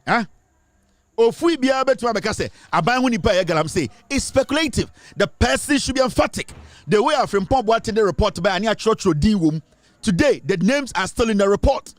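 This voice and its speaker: A man's voice: high-pitched, expressive, a little fast, no echo. A Ghanaian man giving impassioned commentary, lecturing emphatically and switching between English and Twi. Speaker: online commentator.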